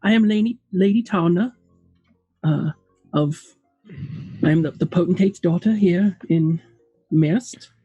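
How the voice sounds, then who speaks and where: A game master voicing a gushing young noblewoman, the potentate's daughter, bubbly and high-pitched. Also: measured pace, pauses often, mellow, husky, dry recording, highs cut off, faint music behind. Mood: gracious.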